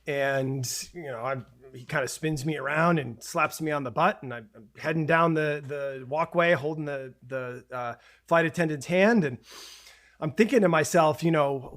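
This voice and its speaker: A podcast guest in his forties, speaking a little high, works through a long personal story. He keeps halting and starting over, then becomes animated as he relives the scenes.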